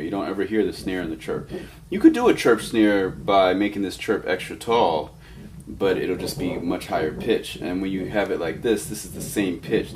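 A deep-voiced man teaches turntable scratching in a loose, casual way, walking through each step and dropping in "all right" as he goes. Faint clicking sounds sit behind his voice. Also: noisy background. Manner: relaxed, explains step by step with many "all right"s. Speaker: DJ scratch instructor. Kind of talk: casual instructional demo.

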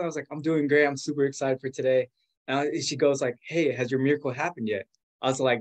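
Young man in his twenties, chatty storyteller, fast and animated, filler-heavy, mid-pitched. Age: 20s. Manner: animated, quick, full of "like" fillers, acts out quoted voices. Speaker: guest. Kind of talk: casual storytelling.

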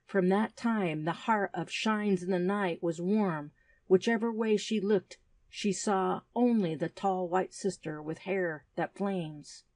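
A woman's voice: on the low side, slow pace, a little mellow, no room sound. A woman voicing an earnest young native boy who speaks in solemn, formal storyteller phrases in an audiobook. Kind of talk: audiobook character reading.

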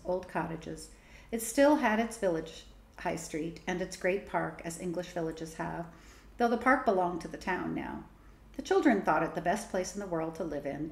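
A woman reading a children's story aloud as storyteller, expressive and varied. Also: lowish voice. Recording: roomy echo.

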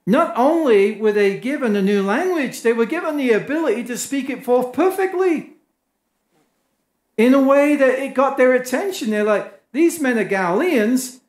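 A man with an English accent preaching a sermon as pastor, emphatic and lively when quoting others. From England. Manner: emphatic, rises in pitch for quoted crowds. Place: church. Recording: echoey church room.

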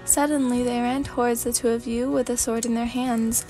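A woman narrating a fanfic as a sleepy ASMR reading, in a calm, steady storybook manner. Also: a little high, normal speed, soft background music.

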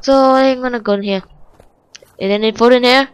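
A woman with a Vietnamese accent, Vietnamese her first language, doing let's-play game commentary in simple non-native English, moving from low muttering to high excited shrieks. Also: a little fast, smooth, poor audio. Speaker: gaming channel host.

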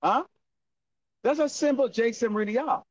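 Man, street preacher, high voice, profane scolding, dry distant lo-fi sound. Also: moderate pace, slight background noise. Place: outdoors, windy street corner. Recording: distant lo-fi outdoor recording.

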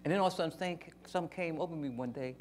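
An older man preaching a sermon, emphatic with sudden loud rises, telling stories in casual folksy phrasing. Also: on the high side, very fast. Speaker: pastor.

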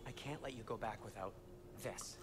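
A man's voice: mid-range voice, moderate pace, lightly acted. A man playing a fussy dwarf smith. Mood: earnest. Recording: game audio with background noise.

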